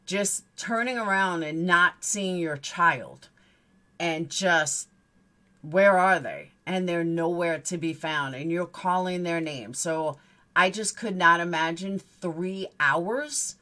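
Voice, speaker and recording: A woman's voice: on the low side, slow pace, sharp tone. A middle-aged woman hosting a live stream, talking casually and emotionally, repeating herself and greeting viewers by name. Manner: emotional, repetitive storytelling, chats with viewers. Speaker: livestream host.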